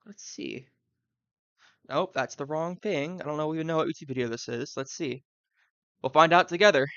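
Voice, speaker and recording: A man's voice: on the high side, normal speed, a bit bright, smooth, dry recording, muffled recording. A man from the Southern US, streaming live and thinking aloud, rambling with fillers and side tangents.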